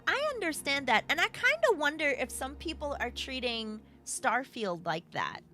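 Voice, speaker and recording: A woman's voice: high-pitched, big pitch swings, normal speed, sharp tone. A woman from Brooklyn with a New York accent, live-streaming a game, chatting playfully and reading chat aloud. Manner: playful, bouncy, chatty with viewers.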